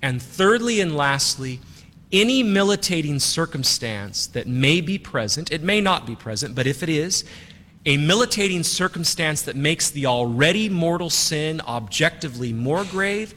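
A man's voice: on the high side, lively intonation, normal speed, sharp tone, long reverb tail. A man preaching as a priest, who talks emphatically and repeats his key phrases. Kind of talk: sermon.

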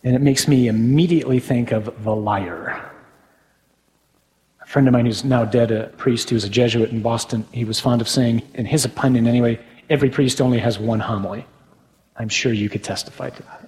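A man's voice: mid-range voice, steady tone, brisk, a little mellow, long reverb tail, poor audio. A man, a Catholic priest, preaching a sermon in a conversational way with tag questions.

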